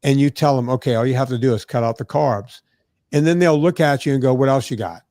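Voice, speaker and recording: A man's voice: medium pitch, fast talker, no echo, clean studio sound. A man who is a diet and fitness guest, telling stories casually and acting out the people he quotes, often ending lines with "right?". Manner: animated, acts out quoted people, frequent "right?" tags. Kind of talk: casual conversational storytelling.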